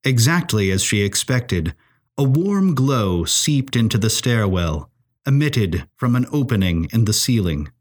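A man narrating a serialized mystery story in an expressive, measured way. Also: lowish voice. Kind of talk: audio drama story narration.

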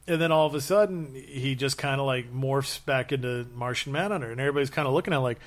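A man's voice: medium pitch, fast talker, hardly any pauses. Guy just chatting, going on and on with stories, acts out little quotes. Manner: rambling, animated storytelling with acted-out quotes. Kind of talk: casual chat.

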